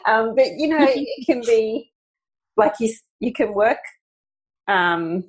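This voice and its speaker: A woman's voice: fairly high pitch, expressive, takes it slowly, poor audio. A woman hosting a casual podcast interview, asking long, rambling questions and often correcting herself mid-sentence. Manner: rambling, self-correcting questions full of "you know". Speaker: podcast host.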